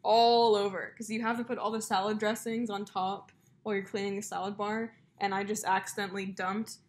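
A young woman co-hosting a casual podcast, spinning long stories full of "like" and "um". Her voice sits at a middle pitch and she talks in a loose, conversational way. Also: little pitch movement, fairly quick. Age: young adult. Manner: chatty storyteller, many fillers and likes. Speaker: podcast co-host. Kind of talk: casual chat.

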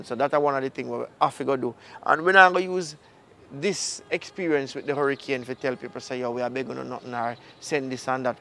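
Brief: Jamaican male host, easygoing outro chat, mid pitch. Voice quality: Jamaican patois phrasing, relaxed. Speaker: filmmaker and channel host. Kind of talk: casual outro talk to viewers.

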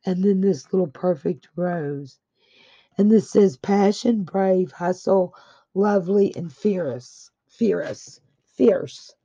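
A woman's voice: on the low side, takes it slowly, mellow, slightly rough, highs cut off. A woman at her home craft desk, opening a craft swap package and gushing to her viewers. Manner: gushing, exclamatory, addresses viewers as guys. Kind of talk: casual unboxing chat.

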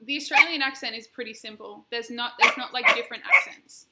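A woman vlogger chatting with strangers on a video call, joking deadpan and swearing freely. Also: fairly high pitch, a little fast. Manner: playful, sweary, deadpan jokes. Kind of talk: casual video chat.

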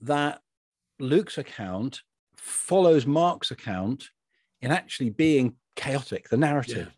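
A man with a slightly husky voice talks through a Bible story in casual conversation, his pitch rising and falling a lot. He thinks aloud, restarts sentences and chuckles now and then. The recording is dry and close. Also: lively intonation, slow pace, darkish tone, no room sound. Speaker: podcast co-host. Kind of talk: casual discussion of a Bible passage.

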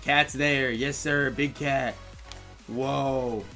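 A man's voice: mid-range voice, very slow, faint music behind. A man giving live commentary over his own video game, cheering and talking to the players on screen. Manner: excitable, talks to players on screen. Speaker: gaming YouTuber.

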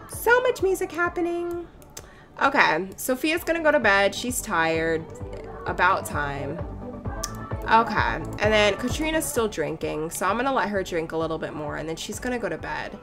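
A young woman chatting and giggling through casual game commentary, reacting loudly to what happens on screen. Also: medium pitch. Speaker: let's play gamer.

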